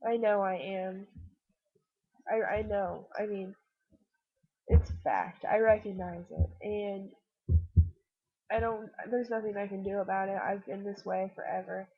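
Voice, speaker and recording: A woman's voice: medium pitch, fairly even intonation, measured pace, pauses often, slightly rough, narrow, tinny audio. A woman who is sick, talking in a rambling, self-deprecating, earnest way straight to the viewer through her computer's webcam. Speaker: vlogger.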